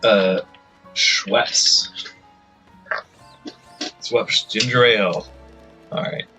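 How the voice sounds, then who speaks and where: A man's voice: lowish voice, drawn-out words, pushed and bright, faint music behind. A man live-streaming a video game, chatting casually and rambling to himself with self-deprecating remarks.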